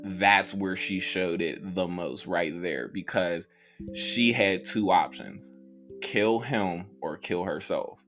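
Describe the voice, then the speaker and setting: A man's voice: low-pitched, slow, fairly bright tone, soft background music. A man co-hosting a casual horror movie podcast, talking bluntly with lots of slang. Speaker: podcast co-host. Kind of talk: casual movie review chat.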